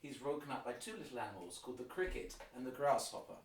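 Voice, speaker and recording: An opera guide leads a listening tour scene by scene, occasionally singing short motifs and using piano examples to illustrate. His mid-range voice is lively and quick, recorded off-mic from a distance in a roomy space with piano.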